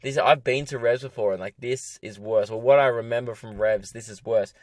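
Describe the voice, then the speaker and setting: A man's voice: mid-range voice, a little fast, no room sound. A young Australian man hosting a comedy podcast alone from a parked car, ranting in an exasperated, rambling, self-mocking way. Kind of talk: rambling solo podcast rant.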